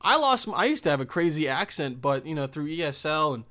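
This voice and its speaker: A man's voice: a little high, very animated, fast, sharp tone. A young man from Bosnia with no accent, talking in a rambling, profane, emphatic casual monologue.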